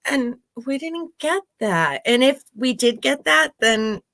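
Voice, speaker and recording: A woman speaks slowly in a bright, higher voice on a dry, close recording. She is emphatic and laughs often in casual chat. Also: expressive, dry recording. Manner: giggly, emphatic. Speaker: podcast co-host.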